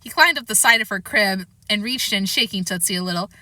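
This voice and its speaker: A woman reading a children's chapter book aloud with lively, expressive storytelling. Her voice is bright and higher than most, its pitch moving freely, in a dry, close recording. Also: fairly quick, dry recording.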